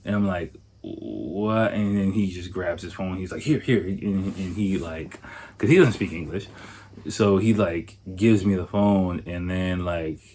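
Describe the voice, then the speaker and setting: A man's voice: low-pitched, steady tone, a little slow, dark tone. A man hosting a podcast, telling a story in a rambling, profane way full of fillers like "like" and "you know". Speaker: podcast host. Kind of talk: casual storytelling monologue.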